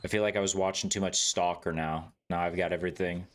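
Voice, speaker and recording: A man's voice: sits low, fairly even intonation, quick pace. Laid-back, joking male game streamer. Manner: joking and laid-back, swears freely, laughs often. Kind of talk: casual live-stream chat with viewers.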